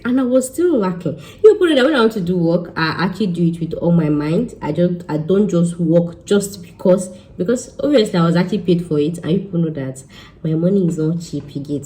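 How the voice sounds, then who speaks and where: Animated young Nigerian woman, mellow voice. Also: lowish voice, poor audio. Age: young adult. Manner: animated, emphatic, mixing in Yoruba phrases. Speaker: immigration consultant. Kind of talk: casual monologue to followers.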